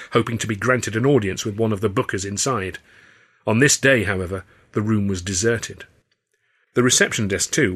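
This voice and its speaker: Husky, forceful male audiobook narrator. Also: on the low side. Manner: wry, descriptive storytelling. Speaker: author and reader.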